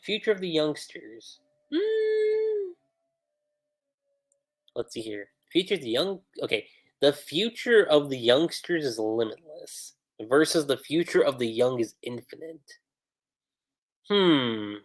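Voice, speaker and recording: A man's voice: mid-range voice, animated, a little slow. A man hosting a livestream, musing aloud about a comic chapter with chatty, laughing asides. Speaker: streamer. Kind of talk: livestream commentary.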